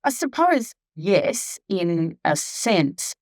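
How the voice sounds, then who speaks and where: A woman's voice: lowish voice, big pitch swings, extremely slow, darkish tone, no room sound. A chatty woman in her fifties, a skin therapist talking casually at a live event, rambling with many asides. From Australia. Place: clinic event room.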